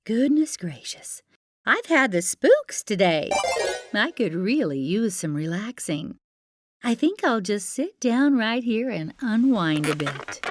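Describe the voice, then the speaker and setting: A woman hosting a children's storytime, narrating in a gentle, theatrical and reassuring way. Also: medium pitch, sing-song, slow pace, background noise. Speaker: storyteller host.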